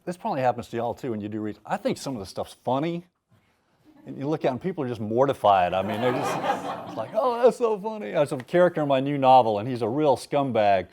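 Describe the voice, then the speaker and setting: A man's voice: medium pitch, animated, fast, a little mellow, a little hiss or hum. Man in his fifties, author at a reading, chatty, self-deprecating, lots of ums. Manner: self-deprecating, chatty asides with many fillers. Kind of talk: informal talk, then reading his prose aloud. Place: university event hall.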